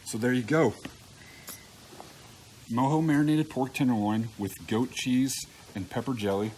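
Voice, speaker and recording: A man walking through a recipe in a relaxed, folksy way, with plenty of ums and restarts. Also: medium pitch, a little slow, a little hiss or hum, poor audio. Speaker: cook team captain demonstrating a recipe. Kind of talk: casual cooking demonstration. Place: outdoor grill setup.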